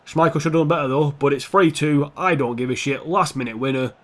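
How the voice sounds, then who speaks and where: A young man giving casual, foul-mouthed commentary over his own football video game, switching between calm play-by-play and heated rants. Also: a little high, fairly quick. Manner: swears a lot, swings from calm play-by-play to heated outbursts. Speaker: gaming YouTuber.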